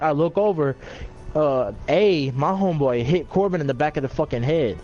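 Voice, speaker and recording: A man's voice: a little high, a little fast, a little mellow, lo-fi sound. A man telling a long story in casual chat, rambling with many fillers and plenty of swearing.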